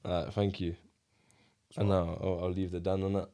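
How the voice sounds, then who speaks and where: A man co-hosting a comedy podcast, answering a mock pitch with short, laconic replies. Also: little pitch movement, normal speed, mellow. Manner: laconic replies, laughing along. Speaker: podcast co-host. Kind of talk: casual comedy chat.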